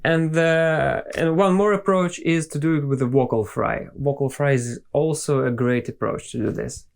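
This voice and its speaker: A young man whose first language is Russian, teaching singing slowly and patiently, with non-native phrasing and sung examples. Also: mid-range voice, creaky. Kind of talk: vocal lesson with sung demonstrations.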